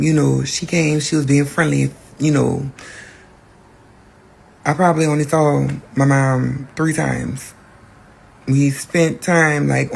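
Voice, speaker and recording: A podcast host telling a personal story in a candid, profane, animated way. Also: male voice, a little high, creaky, a little hiss or hum.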